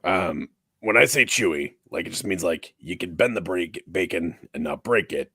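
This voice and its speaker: Low husky-voiced man chatting casually. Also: lively intonation, normal speed, sharp tone, no room sound, studio quality. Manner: chatty, runs a poll and asks questions. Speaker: podcast host. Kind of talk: casual chat.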